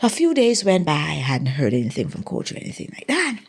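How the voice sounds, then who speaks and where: Bahamian woman with a gravelly, husky voice. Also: low-pitched, a little fast. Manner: animated storyteller, acts out dialogue. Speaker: guest, former track athlete. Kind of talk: storytelling in a sit-down interview.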